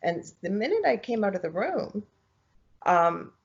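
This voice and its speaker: A woman speaking as a podcast guest, telling her story in casual, halting speech with many fillers and restarts. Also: medium pitch, big pitch swings, vocal fry, breathy edge. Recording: dull lo-fi audio.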